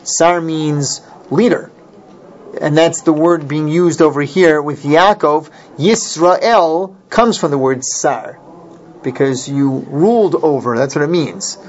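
Male Torah teacher, a bit high-pitched, explains verses and backtracks often; muffled lo-fi recording. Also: slow, darkish tone. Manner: explains Hebrew verses line by line, with restarts. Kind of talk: Torah class lecture. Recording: dull lo-fi recording.

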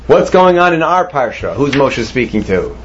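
A man's voice: mid-range voice, big pitch swings, normal speed, slight background noise. A man teaching a Torah class, posing questions to his students and mixing Hebrew terms into his explanations. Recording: dull lo-fi recording.

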